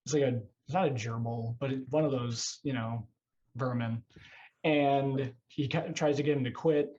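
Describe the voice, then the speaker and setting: A man's voice: medium pitch, fairly even intonation, normal speed, a little mellow, dull audio, a little hiss or hum. A man hosting a casual podcast over a video call, rambling and self-deprecating, swearing now and then. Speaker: podcast host.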